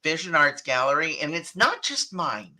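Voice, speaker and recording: A woman being interviewed as an author, answering in a halting way with restarts and laughs as she talks. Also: low voice, very animated, sharp tone, a little hiss or hum, rough recording. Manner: halting, many restarts and fillers, laughs while talking. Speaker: author and guest.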